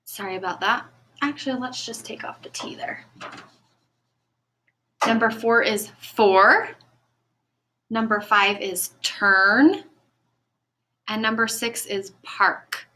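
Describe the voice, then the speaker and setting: A woman with a slightly high voice leads a recorded children's phonics lesson. She talks slowly and clearly in an encouraging classroom manner and stretches words into their separate sounds. Her tone is bright. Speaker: teacher.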